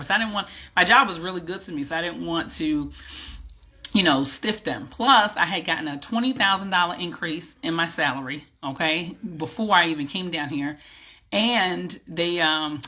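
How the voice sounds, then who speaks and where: A middle-aged woman tells her own story to the camera in a casual vlog. Her voice is bright and ringing. She speaks in a lively, animated way, like she's chatting with friends. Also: fairly low pitch, slight background noise. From New York. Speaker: vlogger and business coach.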